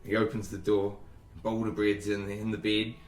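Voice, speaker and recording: A man's voice: fairly low pitch, little pitch movement, normal speed. Man narrating a tabletop game, echoey room. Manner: loose, rambling narration with restarts. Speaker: dungeon master. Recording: echoey room, far from mic.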